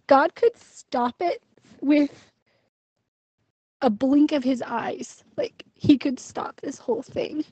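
A woman's voice: high-pitched, steady tone, measured pace, dark tone, dry recording, rough recording. A young woman venting her frustration in a personal video diary, emotional and full of fillers. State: pregnant. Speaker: vlogger.

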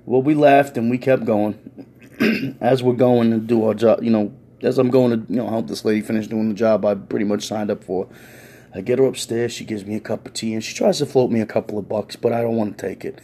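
A man's voice: fairly low pitch, fairly even intonation, a little fast, mellow, breathy edge. A man telling a story from his own life in a casual, conversational way, wry and full of swearing.

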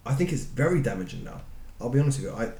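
A man's voice: mid-range voice, very animated, racing, vocal fry, dark tone. A man co-hosting a podcast, talking in a blunt, opinionated way and swearing freely. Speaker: podcast co-host. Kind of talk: casual chat. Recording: roomy room with faint noise.

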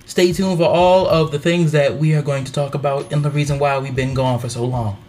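A young man co-hosting a podcast in casual banter, loud, joking and profane. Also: fairly high pitch, fairly even intonation, fairly quick, hardly any pauses, faint music behind. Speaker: podcast co-host.

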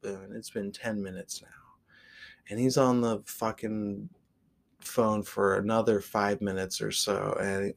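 A man's voice: mid-range voice, moderate pace, a little mellow. A man from the Portland area hosting a podcast, telling a story casually with lots of swearing and filler words. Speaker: podcast host.

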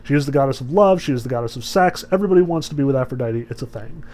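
A man's voice: mid-range voice, animated, very fast, a little mellow. A man giving a casual lecture to a class, rambling with many fillers.

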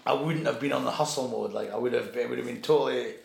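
Gravelly man telling a rambling story. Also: medium pitch, quick pace. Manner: rambling, restarts, swears, acts out voices in anecdotes. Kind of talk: casual storytelling chat. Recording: echoey room.

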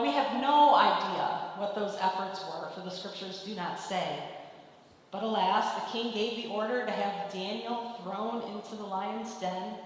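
A woman's voice: mid-range voice, a little hiss or hum. A woman giving a sermon, retelling a scripture story and acting out the quoted lines with a lifted voice. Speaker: preacher. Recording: distant mic in a long-reverb hall.

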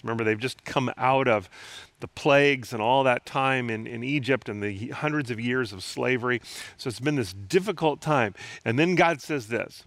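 A man's voice: mid-range voice, moderate pace, a bit bright, dry recording. Guy preaching a sermon, talks like a normal chat, asks lots of questions, dry sound. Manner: earnest, conversational preaching with rhetorical questions. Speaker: pastor.

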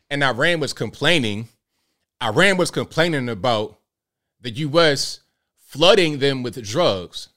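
A man delivering an opinionated monologue, animated, with frequent stammering restarts. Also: medium pitch. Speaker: political commentator.

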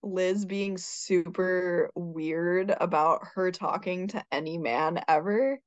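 A woman's voice: on the low side, fairly even intonation, slow, no room sound. Chatty woman on a dull, dry mic. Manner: chatty, opinionated and playful. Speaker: podcast co-host. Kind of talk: casual chat.

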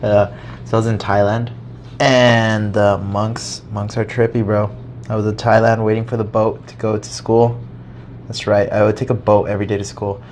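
A man's voice: on the low side, little pitch movement, normal speed, a little mellow, a little hiss or hum. Rambling, laughing young man telling a story. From United States. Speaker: podcast co-host. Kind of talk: casual chat.

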